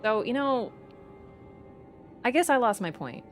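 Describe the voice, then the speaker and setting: A woman livestreamer in casual chat, animated and teasing toward viewers and swearing casually. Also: fairly high pitch, a little slow, soft background music.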